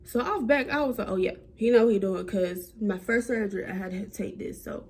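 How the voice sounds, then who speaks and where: A young woman telling a personal story to camera in a chatty, animated way. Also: fairly quick, husky. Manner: animated, chatty, acts out quotes with big jumps in pitch. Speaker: vlogger.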